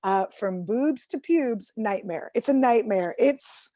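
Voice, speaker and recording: A woman in her forties performs stand-up from home over a video call, her voice sitting a little high. She mocks herself, acts out other people's lines and shouts her punchlines. The sound is close and dry, with no room around it. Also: expressive, takes it slowly, no echo. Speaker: stand-up comedian.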